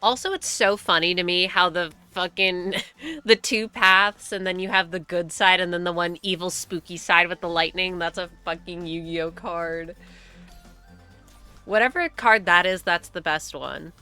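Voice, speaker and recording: Picture a young American woman streaming a game and talking casually to her chat, often swearing and laughing between remarks. Her voice sits a little low but comes through bright and sharp. Faint music plays underneath. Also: unhurried, clean tone. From United States. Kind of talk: casual gaming commentary.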